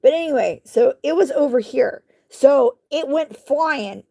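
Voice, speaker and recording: A woman vlogger telling a story in casual speech. She rambles with lots of fillers and asides and keeps clearing her throat. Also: sits high, unhurried. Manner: rambling, animated retelling with many fillers and asides.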